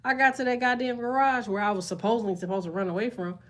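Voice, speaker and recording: A woman's voice: on the high side, fast. Profane, laughing woman telling stories. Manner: profane, animated, laughing storyteller. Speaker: live streamer reading chat. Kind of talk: casual storytelling chat.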